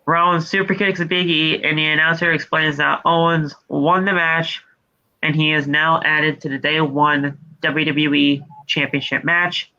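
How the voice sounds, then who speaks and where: A high, bright-toned man talks through a wrestling show on a podcast, swearing freely and recapping the action move by move. The audio is dull and lo-fi. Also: measured pace. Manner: profane, animated play-by-play recapping. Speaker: podcast co-host. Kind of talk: casual wrestling recap chat.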